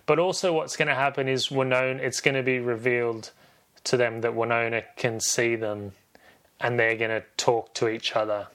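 A man's voice: medium pitch, steady tone, moderate pace, a bit bright. A man hosting a podcast, recapping a film in a rambling, jokey way and correcting himself as he goes. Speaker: podcast host.

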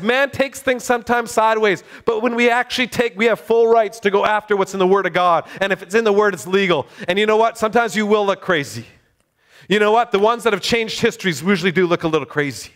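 A man's voice: high-pitched, a bit bright. A man preaching a sermon in a fervent, exclaiming way.

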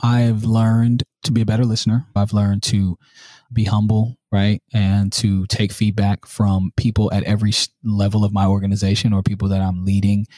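A man's voice: on the low side, normal speed, dry recording, clean studio sound. A man speaking earnestly as a podcast guest, often checking in with "right?". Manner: earnest, animated, uses many rhetorical "right?". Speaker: interview guest. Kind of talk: podcast interview.

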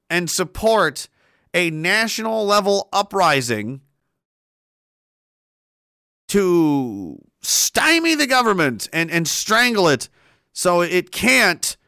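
Young man, profane sarcastic ranter, high-pitched and bright. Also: no echo. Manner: sarcastic, profane, exasperated, laughs a lot. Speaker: commentator. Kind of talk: ranting comedic commentary.

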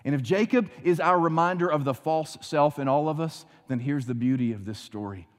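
A man preaching a sermon, dramatic, often dropping to a hushed low voice for emphasis. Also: brisk, in a large hall. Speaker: pastor.

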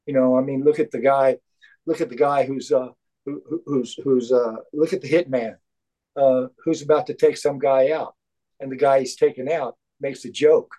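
Emphatic man with a warm, mellow voice. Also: mid-range voice, steady tone, low-quality recording. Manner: emphatic, halting, many restarts. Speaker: study group member. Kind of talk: heartfelt group discussion.

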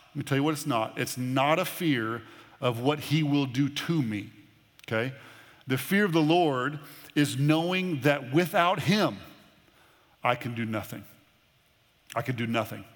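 A male pastor preaching a sermon to a church congregation, emphatic and repetitive, often slowing down to stress words. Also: a little high, a bit bright. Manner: emphatic preaching, repeats phrases, varied pace. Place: church auditorium. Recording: long reverb of a large hall.

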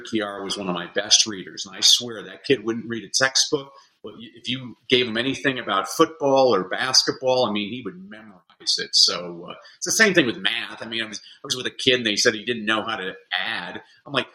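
Podcast guest, male educator: bright, punchy voice, animated anecdotal delivery. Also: lowish voice, brisk, hardly any pauses, rough recording. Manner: animated storyteller acting out kids' voices. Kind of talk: casual podcast chat.

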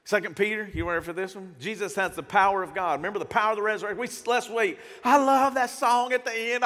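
A man's voice: high-pitched, quick pace, hardly any pauses, in a large hall. A man preaching a conversational sermon as pastor, telling stories and acting out the voices of people in them. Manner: animated storyteller, acts out quoted voices. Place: church sanctuary.

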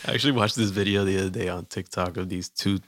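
A man co-hosting a casual podcast, laid-back and quick with joking asides. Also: low voice, steady tone, a bit bright. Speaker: podcast co-host. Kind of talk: casual chat.

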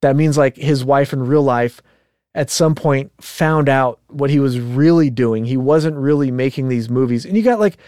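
A man co-hosting a casual podcast chat, telling a story in an animated way, swearing freely and acting out quotes. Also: mid-range voice, dry recording, studio quality. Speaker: podcast co-host.

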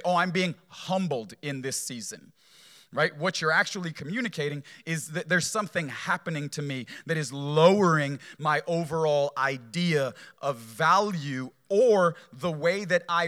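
A man delivers a sermon in a bright, forceful voice that sits a little above the usual male pitch. He preaches conversationally, checking in with the listener with "right?" and circling back over his key words for emphasis. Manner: conversational preaching, frequent "right?" tags, repeats phrases for emphasis. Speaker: pastor.

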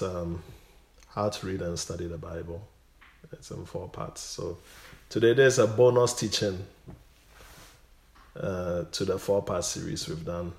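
Pastor, male, low voice, teaching Bible study; often repeats himself, then surges with emphasis. Roomy recording. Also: gravelly, darkish tone. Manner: repeats words, rises to emphatic bursts.

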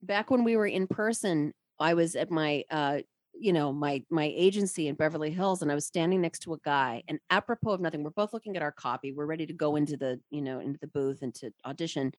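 Guest narrator: woman, lowish voice, dry close sound, chatty and self-interrupting. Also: quick pace, no room sound. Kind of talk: conversational interview answers.

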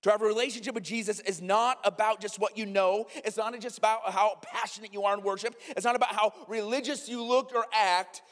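High-voiced pastor preaching in an echoing church. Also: male voice, fairly quick, few pauses. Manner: animated storytelling with humorous asides to the congregation. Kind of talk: sermon. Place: church sanctuary.

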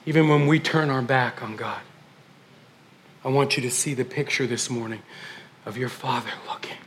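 A male pastor in his forties preaching a sermon, conversational and animated, swinging from hushed moments to loud ones. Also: mid-range voice, moderate pace, slight background noise.

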